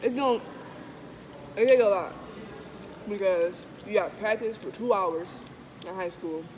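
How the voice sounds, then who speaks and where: A woman's voice: mid-range voice, unhurried, darkish tone, a little hiss or hum. A teenage girl giving rambling advice in casual chat with friends. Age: teens.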